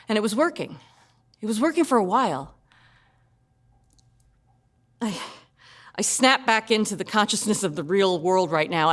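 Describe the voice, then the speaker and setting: A woman in her forties from Illinois, telling a personal story in an animated, comic and expressive way. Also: mid-range voice.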